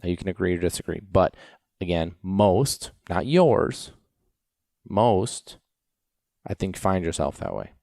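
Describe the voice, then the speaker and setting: A man's voice: deep voice, lively intonation, moderate pace, creaky, darkish tone, no echo, studio quality. A man hosting a podcast as a dog trainer, rambling through stories with lots of restarts and fillers. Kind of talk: casual podcast talk.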